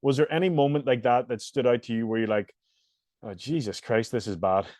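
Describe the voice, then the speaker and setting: A man's voice: mid-range voice, steady tone, fairly quick, darkish tone, no echo. Earnest Northern Irish man, dry sound. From Northern Ireland. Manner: reflective, earnest, frequent "you know" fillers. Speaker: host and fitness coach. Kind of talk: casual podcast conversation.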